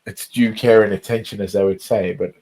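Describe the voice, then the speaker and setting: Man, casual chat, low voice, rambling, repeats words, swears a lot. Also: fairly even intonation, a little fast, crowd noise, rough recording.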